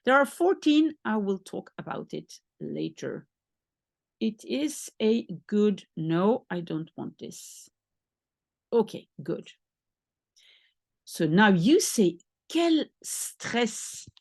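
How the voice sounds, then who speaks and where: A Belgian woman, a native Dutch speaker with a Belgian accent, patiently teaches beginner French, repeating phrases as she thinks aloud. Her medium-pitched, darkish voice is animated yet slow, with vocal fry and long pauses, and there's no room sound.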